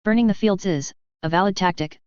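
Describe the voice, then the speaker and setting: A woman's voice: mid-range voice, brisk, a little mellow, clear, resonant tone, dry recording, dull audio, lightly acted. A woman voicing a steadfast, grim male warrior who speaks bluntly and matter-of-factly.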